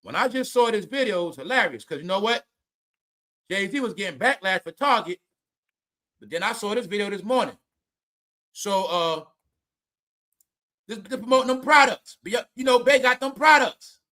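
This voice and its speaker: Man, high voice, celebrity gossip commentary, loud, laughing, swearing. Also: moderate pace, long pauses. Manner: loud and animated, laughing, repeats names, swears. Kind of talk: casual comedic commentary.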